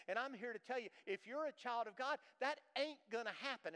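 A man's voice: extremely high pitch, expressive, brisk, few pauses, bright, forceful tone, smooth. Older man preaching in a hall. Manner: folksy, emphatic preaching with homespun stories. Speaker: pastor. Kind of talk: sermon. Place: church sanctuary. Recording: long reverb of a large hall.

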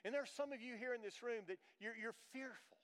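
A man's voice: very high-pitched, quick pace, a bit bright. Older man preaching in a hall. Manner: folksy, emphatic preaching with homespun stories. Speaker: pastor. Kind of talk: sermon. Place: church sanctuary. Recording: long reverb of a large hall.

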